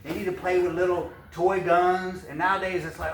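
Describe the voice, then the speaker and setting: A man's voice: high-pitched, level tone, fairly quick, slight background noise. A man, hosting a show. He reads aloud from a book and breaks off into blunt, folksy, fired-up rants. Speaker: podcast host reading a book aloud. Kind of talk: casual commentary mixed with reading aloud.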